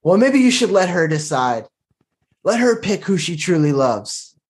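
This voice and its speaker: A man's voice: sits high, very animated, measured pace. Man playing a blunt, defiant young knight. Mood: challenging.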